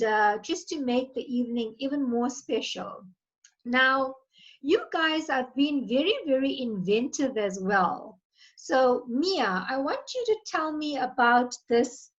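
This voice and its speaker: Woman host, high voice, warm and coaxing with kids, lo-fi call audio. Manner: encouraging, slow and gentle. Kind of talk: interviewing children on a video call. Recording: slightly dull lo-fi call audio.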